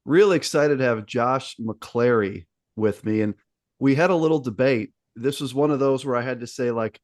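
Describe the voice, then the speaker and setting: A man's voice: mid-range voice, moderate pace, no room sound, clean studio sound. A man hosting a sports podcast, chatting in an upbeat, casual way with lots of fillers. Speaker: podcast host. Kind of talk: casual interview chat.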